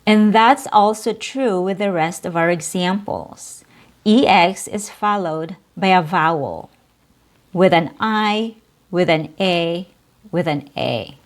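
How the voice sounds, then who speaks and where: A woman teaching English pronunciation, speaking in a slow, clearly articulated way and drawing out model sounds and single syllables. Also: fairly low pitch.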